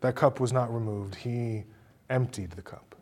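A male preacher giving a sermon, telling a story dramatically and swinging from a hush to forceful emphasis. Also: mid-range voice, unhurried.

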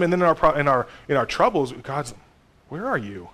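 A pastor in his thirties giving a conversational sermon, with sudden swings between loud emphasis and soft asides. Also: on the high side, animated, brisk.

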